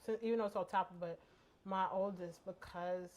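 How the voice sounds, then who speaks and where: A woman's voice: mid-range voice, fairly even intonation, a little fast, a little mellow, a little hiss or hum. A woman chatting casually on a podcast, backing up her co-host and getting worked up when she retells family stories. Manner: agreeable listener who gets heated retelling arguments. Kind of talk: casual chat.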